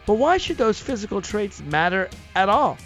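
A man's voice: high voice, sing-song, normal speed, fairly bright tone, faint music behind. A man from Tennessee hosting a radio talk show, arguing his point with rhetorical questions and emphatic rises. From Nashville, Tennessee, US. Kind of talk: opinion talk radio monologue.

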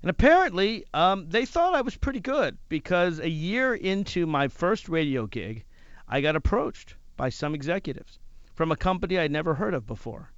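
Lively, smooth-voiced male radio host. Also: fairly high pitch, moderate pace, no room sound, lo-fi sound. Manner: animated, acts out other people's lines. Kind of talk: telling a personal story in a monologue.

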